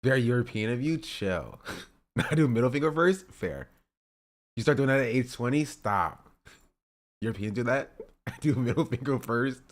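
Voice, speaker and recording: Chatty streamer man, mid-pitch. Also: lively intonation, normal speed, pauses often. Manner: chatty, repeats himself, reads chat aloud. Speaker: streamer reacting to clips. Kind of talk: casual live-stream commentary.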